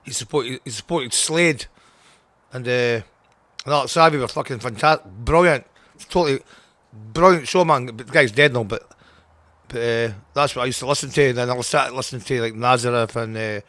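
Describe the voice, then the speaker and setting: A man's voice: mid-range voice, normal speed, fairly bright tone, no echo. Blunt Scottish man in his sixties. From Scotland. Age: 60s. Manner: blunt, swears a lot, restarts sentences. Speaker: guest punk singer. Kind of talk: casual interview.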